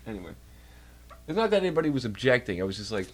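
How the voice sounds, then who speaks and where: Talking rapid-fire yet pausing often, this young man has a mid-range, sing-song voice, with slight background noise present. He's on a casual livestream at home, speaking into a desk mic, rambling, profane and jokey as he addresses chat, sounding a bit stuffed and nasal.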